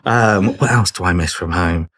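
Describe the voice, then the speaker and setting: A man's voice: low voice, moderate pace, a bit bright, a little hiss or hum. A middle-aged man, a podcast guest, chatting casually, laughing easily and acting out remembered conversations. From Britain.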